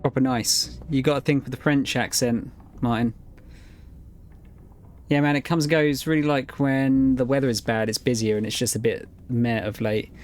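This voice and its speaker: A man's voice: medium pitch, fairly even intonation, normal speed, darkish tone. A man chatting wryly while he plays and comments on a game. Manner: chatty, wry. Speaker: streamer. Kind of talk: casual gameplay commentary.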